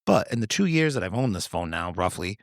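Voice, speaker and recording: A man's voice: very animated, fairly quick, dry recording, clean studio sound. A man in his thirties hosting a podcast, chatting casually in a rambling, profane, jokey way. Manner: rambling, profane, jokey storytelling with sudden high-pitched quoted voices. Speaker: podcast host. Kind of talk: casual solo chat.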